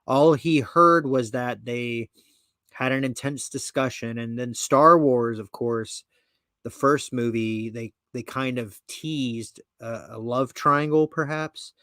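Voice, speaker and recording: A man's voice: mid-range voice, takes it slowly, fairly bright tone, dry recording, studio quality. A man hosting a podcast who reads an article aloud and comments on it in a rambling, profane way. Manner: profane, rambling, full of fillers and asides. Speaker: podcast host.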